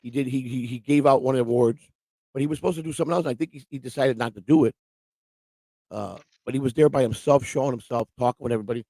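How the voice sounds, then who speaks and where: A man with a medium-pitched, mellow voice talks fast as he hosts a morning livestream. He rants casually, swearing a lot and quoting other people mockingly, over a livestream microphone with no echo.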